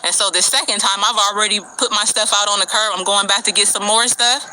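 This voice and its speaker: Woman, livestream rant, agitated, emphatic, profane, very bright tense voice. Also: mid-range voice, fairly even intonation, a little fast, slight background noise, poor audio. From United States. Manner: agitated, emphatic, profane, addresses viewers directly. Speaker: vlogger. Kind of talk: live-streamed personal rant to viewers.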